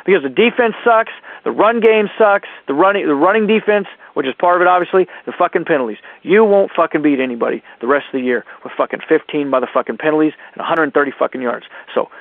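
A man's voice: a little high, quick pace, creaky, hardly any pauses, no room sound. A man phoning in a furious rant, heavy with profanity and insults. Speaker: caller. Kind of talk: angry voicemail rant. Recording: dry tinny phone line.

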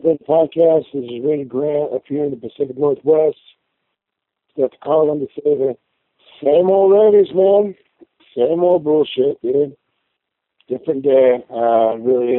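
A man's voice: mid-range voice, steady tone, moderate pace, dry recording. A man phoning in to a fan show, sounding disgusted and exasperated. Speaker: caller. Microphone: phone. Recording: tinny phone line.

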